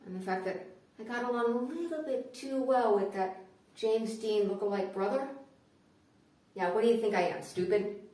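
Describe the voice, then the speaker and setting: Sarcastic lady doing stand-up, highish voice, far off the mic, goes quiet then loud. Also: moderate pace, very echoey. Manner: sarcastic, swings from hushed asides to loud outbursts. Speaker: comedian. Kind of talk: stand-up comedy monologue.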